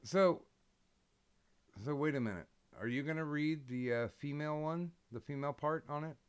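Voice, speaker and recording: A man's voice: fairly high pitch, moderate pace, clean tone. A man hosting a casual live stream, hesitant with lots of ums, swearing bluntly now and then. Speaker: streamer host.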